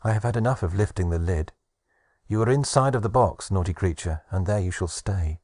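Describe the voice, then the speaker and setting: A man's voice: sits low, brisk, a little mellow, dry recording, clean studio sound. A man voicing Pandora, a curious young girl who is tearful and pleading in an audiobook. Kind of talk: audiobook narration.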